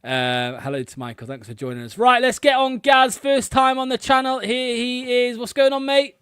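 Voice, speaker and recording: A high-voiced man with an English accent hosts a live fan call-in show. He talks in a loose, matey way and often repeats his short phrases. The sound is dry and close. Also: animated, normal speed, a bit bright, clear, resonant tone, no echo. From raised in Pembrokeshire, Wales. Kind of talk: casual live-stream chat.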